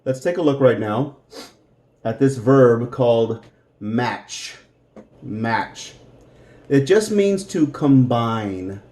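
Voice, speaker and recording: Guy teaching english super slow, soft mellow voice, says words over and over. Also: mid-range voice. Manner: repeats words slowly for pronunciation drills; mixes in Spanish translations. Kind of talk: slow, deliberate English lesson.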